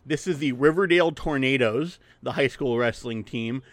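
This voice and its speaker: A man's voice: medium pitch, fairly bright tone, no room sound. A man co-hosting a casual podcast, recapping a movie scene by scene with rambling, joking asides. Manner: rambling, jokey, quotes scenes in quick asides. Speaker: podcast co-host.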